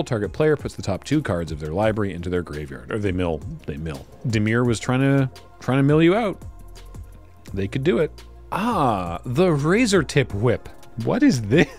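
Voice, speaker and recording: Man, card review host, wry, animated pitch, faint background music. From Canada. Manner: lively, wry, reads card text aloud then riffs. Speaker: host opening card packs. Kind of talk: casual card review commentary.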